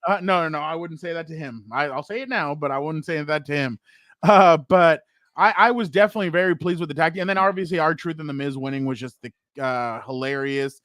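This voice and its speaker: A young man co-hosting a casual sports podcast. He tells stories with excitement, laughs as he goes, and acts out other people's lines. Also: a little high, brisk, dry recording, clean studio sound. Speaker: podcast co-host.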